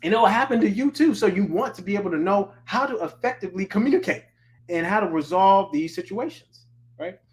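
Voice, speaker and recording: A man's voice: high voice, expressive, a little fast. A man teaching a course on a livestream in a loose, informal way, with many fillers, restarts and repeated words. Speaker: course instructor. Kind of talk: casual livestream lecture.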